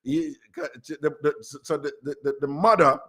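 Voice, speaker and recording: Lively radio host. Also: male voice, on the high side, unhurried. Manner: animated, laughs often, mimics the people in his story. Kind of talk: casual radio storytelling. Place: radio studio.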